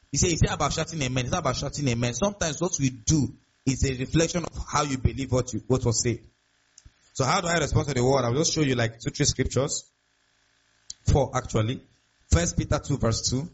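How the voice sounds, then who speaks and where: Emphatic pastor preaching. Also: male voice, mid-range voice, slight background noise. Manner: emphatic, repetitive, rhetorical questions. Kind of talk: sermon. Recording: dull lo-fi sound.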